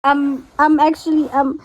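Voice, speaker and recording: A woman's voice: high voice, highs cut off. A young South African woman talking casually to her camera, chatty and dramatic, slangy, laughing often. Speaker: vlogger. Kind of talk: casual vlog talk to camera.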